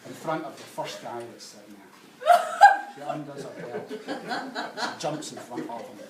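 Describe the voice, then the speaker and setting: A man's voice: medium pitch, normal speed, distant mic. A middle-aged Scottish man giving a best man speech at a wedding, telling cheeky jokes, heard from afar in a reception hall with guests laughing. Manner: joke-telling, cheeky, sentimental at the close. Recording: echoey hall, from afar, loud noise.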